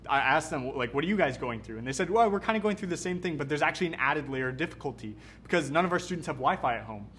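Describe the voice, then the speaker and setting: A young man from Canada, a youth pastor giving an energetic, conversational sermon. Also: a little high, fast, a little hiss or hum. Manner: energetic, casual, conversational preaching.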